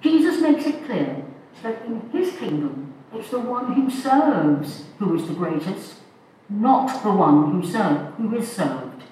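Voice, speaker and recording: Older lady preaching a sermon, slow and thoughtful, lively up-and-down voice, big echoey church from far off. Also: mid-range voice, slight background noise. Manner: slow, measured, thoughtful delivery. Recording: echoey church heard from a distance.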